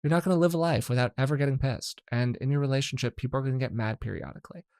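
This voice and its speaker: Relaxed male podcast host. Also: racing, clear, resonant tone, dry recording, studio quality. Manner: animated, acts out dialogue in high put-on voices. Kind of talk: casual conversation.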